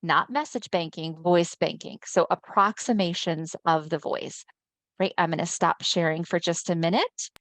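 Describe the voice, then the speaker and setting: A woman's voice: on the low side, moderate pace, dry recording. A woman giving a webinar presentation over a video call, speaking conversationally and often checking in with her listeners. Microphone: video call mic.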